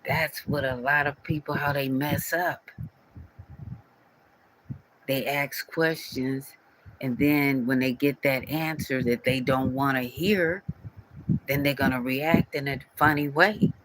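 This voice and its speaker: Scolding man, bright close voice. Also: medium pitch, steady tone, slow, pauses often, a little hiss or hum, low-quality recording. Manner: scolding, repetitive, speaks directly to viewer. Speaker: channel owner addressing a commenter. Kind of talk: casual scolding vlog rant.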